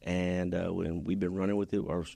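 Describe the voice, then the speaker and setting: Earnest gravelly man, podcast guest. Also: low-pitched, level tone, a little fast, warm tone, no echo. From Houston, Texas. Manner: earnest and heartfelt, frequent restarts. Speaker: podcast guest, business owner. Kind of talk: casual interview chat.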